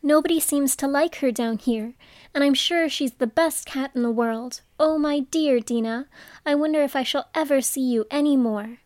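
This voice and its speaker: A woman's voice: high-pitched, normal speed, darkish tone, dry recording, studio quality, close to an everyday voice. A woman reading as earnest young Alice. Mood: melancholy. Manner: earnest, talking to herself.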